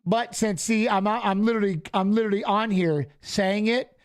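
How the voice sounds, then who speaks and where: A middle-aged man co-hosting a live fight watch-along tells casual stories in a high, clear, resonant voice at normal speed. He's animated, acting out the dialogue he quotes and repeatedly saying "I go."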